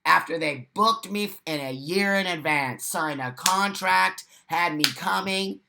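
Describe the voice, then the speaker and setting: A man's voice: high-pitched, expressive, slow, creaky, few pauses, bright, forceful tone. An American man hosting a live morning chat, reading viewer comments and answering in blunt, profane rants. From United States. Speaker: livestream host.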